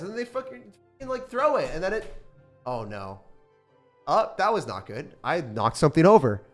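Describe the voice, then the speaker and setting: An excitable young man rambles through casual gameplay commentary, his pitch jumping around a lot as he talks. He swears now and then, breaks into loud outbursts, and has light music playing under his voice. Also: normal speed. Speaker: gaming YouTuber.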